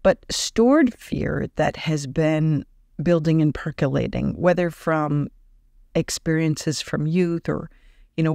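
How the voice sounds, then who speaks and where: A woman talking casually on her podcast as an energy healer, animated and laughing often, acting out quoted thoughts in a higher voice. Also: vocal fry, dry recording, clean studio sound. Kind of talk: casual spoken podcast monologue.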